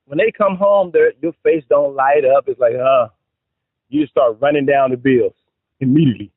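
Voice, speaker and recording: A man giving relationship advice in a casual, animated monologue, with joking asides. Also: a little high, no room sound. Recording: dry, tinny phone-like sound.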